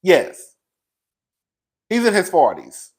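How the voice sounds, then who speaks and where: A man's voice: high voice, wildly swooping pitch, slow pace, a little mellow, breathy edge. A man in his forties hosting his own commentary channel, talking to viewers in a sassy, emotional, gossipy casual chat. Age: 40s.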